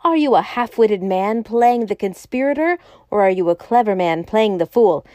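Woman voicing stern angry secretary, mellow dry voice. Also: mid-range voice, measured pace, no echo, natural voice. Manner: stern, savage outbursts. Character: stern, indignant male secretary.

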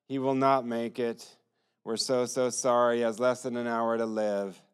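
A man's voice: mid-range voice, flat delivery, normal speed, clean tone. A man telling his personal testimony in an earnest storytelling manner, acting out the lines of others. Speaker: testimony speaker.

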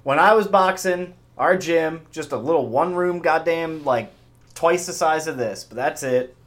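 A man's voice: on the high side, moderate pace, a bit bright. A man co-hosting a podcast, chatting casually and crudely, swearing a lot and laughing often. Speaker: podcast co-host. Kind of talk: casual profane chat watching TV.

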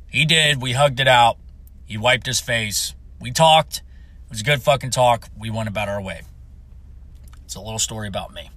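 Brash young veteran, swears constantly, forceful and sharp, no room sound. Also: male voice, mid-range voice, normal speed, no echo. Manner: heavy swearing, blunt and heated. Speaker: Marine veteran telling a story. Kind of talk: profane storytelling rant.

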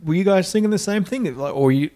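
A man in a casual film podcast chat, throwing in quick jokey remarks. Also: sits high, mellow.

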